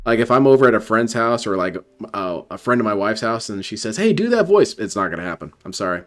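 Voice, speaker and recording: A man's voice: lowish voice, fast, a bit bright. A man bantering as co-host on a gaming stream, dry and joking, often rambling. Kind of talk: casual banter.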